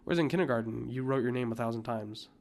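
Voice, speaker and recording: A young man talks loosely on a podcast, circling back and restarting his sentences. His pitch sits in the middle of the range. The chat is relaxed and unscripted. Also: fast talker, vocal fry. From United States. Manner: rambling, many fillers and restarts, coughs now and then. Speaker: podcast co-host. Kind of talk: casual chat.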